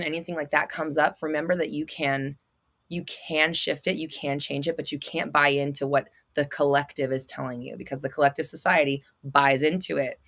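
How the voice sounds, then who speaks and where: Bright-voiced, blunt woman livestreaming. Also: low-pitched, gravelly. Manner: blunt, swears freely, excitable, laughs often. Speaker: manifestation coach and livestream host. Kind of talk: casual livestream chat, reading viewer comments.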